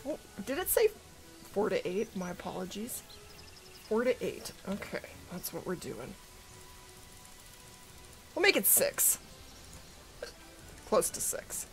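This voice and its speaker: A woman's voice: mid-range voice, very animated, slow pace, long pauses, soft background music. Chatty woman streamer with hiccups. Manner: chatty, greets viewers by name, laughs often. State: has the hiccups. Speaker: livestream gaming host. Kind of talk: casual livestream chat.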